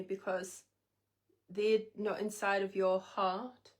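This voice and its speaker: A woman's voice: medium pitch, fairly even intonation, measured pace. A woman giving a live spiritual reading, talking in an emotive, intimate way and speaking straight to the viewer. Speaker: psychic reader on a livestream.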